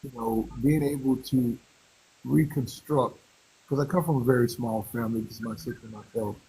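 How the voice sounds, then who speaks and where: A man's voice: medium pitch, moderate pace, warm tone, a little hiss or hum, low-quality recording. Hesitant Southern man in an interview. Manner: hesitant, searching for words. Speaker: guest musician. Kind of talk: casual interview.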